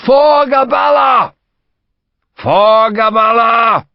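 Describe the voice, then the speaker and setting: A man's voice: extremely high pitch, very slow, gravelly, dry recording, dull audio, pitched above the performer's own voice, exaggerated voice. A man voicing an army officer who bellows rallying cries during a charge. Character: male army officer leading a bayonet charge.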